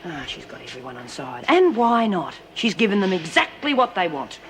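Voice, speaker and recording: An actress playing a shrewd, embittered former inmate leader, blunt and weary. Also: female voice, lowish voice, big pitch swings, normal speed, fairly bright tone, slight background noise. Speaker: prison inmate.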